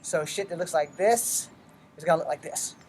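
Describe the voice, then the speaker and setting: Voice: medium pitch, moderate pace, a little mellow, a little hiss or hum. A martial arts instructor giving a casual, step-by-step weapons demonstration, blunt and full of cursing. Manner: blunt and profane, with frequent cursing; explains step by step while moving through drills.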